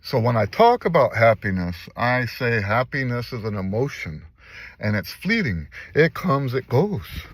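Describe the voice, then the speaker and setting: An older man talks slowly and earnestly in a casual vlog, circling back to repeat his points. The sound is close and dry, with no room around it. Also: medium pitch, very animated, breathy edge, no room sound. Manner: earnest, emotional, repeats phrases for emphasis. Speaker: vlogger and musician. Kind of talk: casual personal vlog talk. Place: in a car.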